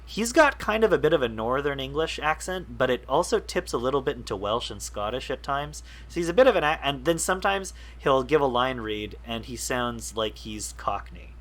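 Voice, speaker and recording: A man's voice: medium pitch, big pitch swings, normal speed, few pauses, fairly bright tone. A man co-hosting a casual gaming podcast, explaining at length with lots of fillers and restarts. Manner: rambling, enthusiastic explainer with many fillers. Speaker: podcast co-host.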